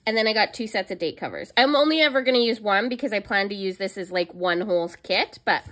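A woman's voice: medium pitch, animated, brisk, hardly any pauses, fairly bright tone. A young woman chatting casually in a haul vlog, gushing and squealing over cute planner stickers. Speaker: planner vlogger.

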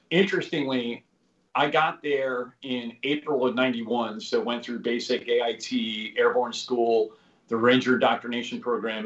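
Rambling man in a roomy room. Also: mid-range voice. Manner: rambling, full of "you know" and "like", swears casually. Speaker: guest, former special operations soldier. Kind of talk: casual interview storytelling. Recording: roomy, slightly dull podcast audio.

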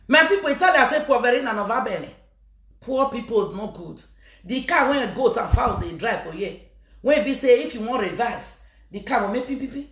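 A fairly high-voiced woman with a Nigerian Pidgin English accent, teasing her viewers in a live-stream monologue. She talks playfully, laughs and breaks into chants. The sound is roomy and echoey. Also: expressive, brisk. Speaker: social media personality. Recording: echoey room.

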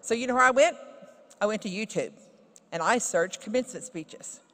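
A woman's voice: medium pitch, expressive, normal speed, fairly bright tone. A woman from Oklahoma giving a heartfelt commencement speech from a written text at a podium, with light humorous asides. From Oklahoma, USA. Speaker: honorary degree recipient giving a commencement speech. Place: large ceremony hall. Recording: reverberant ceremony hall.

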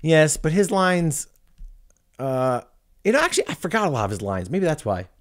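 A man's voice: a little high, sing-song, moderate pace. A man hosting a casual podcast chat, joking and laughing at his own lines. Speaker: podcast host.

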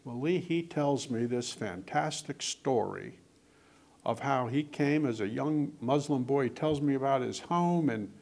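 Older guy with a gravelly voice, chatty author spinning stories, lots of restarts. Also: medium pitch, expressive, a little slow, darkish tone. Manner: chatty, anecdotal, frequent restarts and quoted dialogue. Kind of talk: casual storytelling in conversation.

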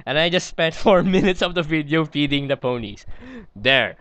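Smooth-voiced giggly gaming man. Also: fairly high pitch, expressive, moderate pace, fairly bright tone, no echo. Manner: giggly, rambling, talks to himself. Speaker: let's play host. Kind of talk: casual gameplay commentary.

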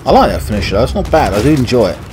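Very animated and very fast, a mid-range British voice belongs to a gaming channel host who curses and rants in frustration while narrating his own play. Game gunfire and explosions blast loudly behind him in a noisy background.

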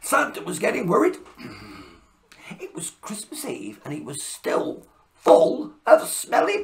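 A woman narrating a children's story in a playful, expressive voice, host of her own reading channel. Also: mid-range voice, measured pace, vocal fry, a little hiss or hum.

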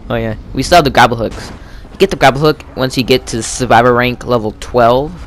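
A man giving rambling, chatty let's-play commentary while gaming with a friend, full of fillers and sudden excited yelps. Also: medium pitch, gravelly, a little hiss or hum. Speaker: gamer playing co-op with a friend.

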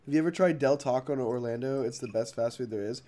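A relaxed young man talks easily on a livestream, often trailing off mid-thought. His pitch sits in an ordinary middle range and his delivery is unhurried. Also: a little hiss or hum. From Texas. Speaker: streamer reading chat. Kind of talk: casual livestream chat.

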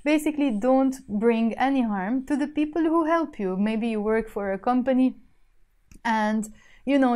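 A woman with a Lebanese accent teaching a spoken language lesson, saying each phrase, then repeating it slowly and breaking it down word by word. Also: a little high, a little mellow, smooth.

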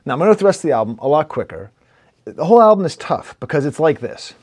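Animated man with a mellow Rochester accent. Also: a little high, racing. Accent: Rochester, New York. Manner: animated, playful, breaks down rhymes by reciting them. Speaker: music reviewer. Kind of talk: casual spoken album review.

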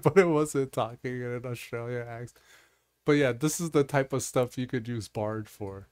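A man's voice: medium pitch, normal speed, a little mellow, clear, resonant tone, no echo, clean studio sound. A man hosting his own vlog in casual chat, rambling and laughing often as he talks. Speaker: vlog host.

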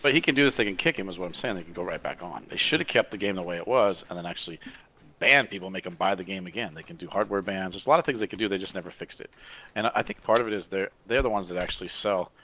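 Fellow player, man, very deep voice, quick blunt delivery, faint background noise. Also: sharp tone. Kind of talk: casual chat during a game.

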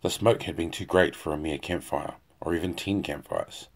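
A man reading a fantasy novel aloud in a steady, unhurried voice. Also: a bass voice, gravelly. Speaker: audiobook narrator.

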